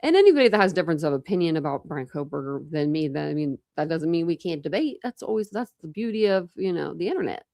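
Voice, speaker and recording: Tired low-voiced woman livestreaming. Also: very animated, quick pace, creaky, few pauses, mellow, dry recording. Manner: rambling, lots of fillers and restarts. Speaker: true crime channel host. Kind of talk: casual livestream chat with viewers.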